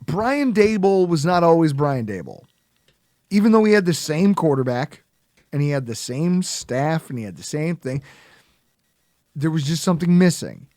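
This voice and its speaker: A male podcast host rants sarcastically and with animation on a casual sports podcast. His voice is fairly high and his pace moderate, captured in a dry, clean studio recording.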